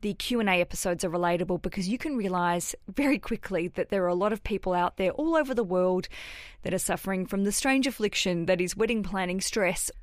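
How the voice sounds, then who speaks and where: Australian woman, podcast host, excitable, swears a lot, dry close sound. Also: medium pitch, brisk, no echo. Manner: excitable, swears freely, straight-talking. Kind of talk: casual solo podcast chat.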